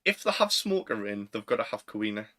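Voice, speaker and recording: A young man with a Northern English accent, co-hosting a casual chat, chatty and quick to laugh. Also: on the low side, big pitch swings, sharp tone. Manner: chatty, laughs often, fillers. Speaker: podcast co-host.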